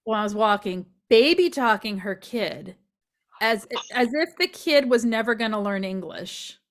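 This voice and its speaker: A woman chatting casually as a guest, telling animated stories and laughing often. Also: a little high. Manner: animated storytelling, quick to laugh. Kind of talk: casual chat.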